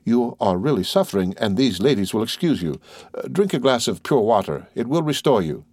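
A man voicing a composed middle-aged lady who speaks in a measured, solicitous way in an audiobook reading. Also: mid-range voice, sing-song, a little mellow, husky, dry recording. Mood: concerned.

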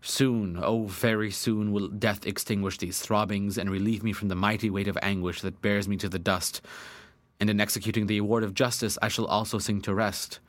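A man's voice: fairly low pitch, level tone, moderate pace, no room sound. A man narrating a classic novel in the first person, in an earnest, dramatic way with old-fashioned diction. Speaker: audiobook narrator.

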